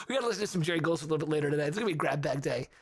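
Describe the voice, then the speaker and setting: A man hosting a casual livestream, giving animated feedback on music and often humming the melodies aloud. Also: on the high side, racing, creaky, breathy edge. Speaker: livestream host reviewing music compositions.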